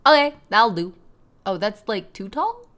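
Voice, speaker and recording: Woman streaming, chatty and self-mocking, voice jumping all over the place, mid pitch. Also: animated, measured pace, a bit bright. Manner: rambling, self-mocking, laughs often. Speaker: live streamer. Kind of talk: casual live-stream chat.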